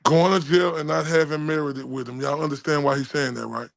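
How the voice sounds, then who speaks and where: Gravelly-voiced stream host talking straight to his audience about a clip. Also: a little high, steady tone, fairly quick, no room sound, soft background music. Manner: addresses viewers directly, explanatory. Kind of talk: live-stream commentary.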